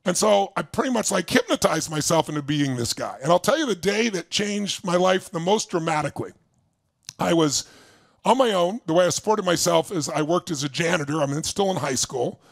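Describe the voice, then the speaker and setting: Gravelly high-voiced man, motivational speaker. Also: dry recording. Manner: shouts to rouse the crowd, then storytelling. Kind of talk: motivational talk to a live audience.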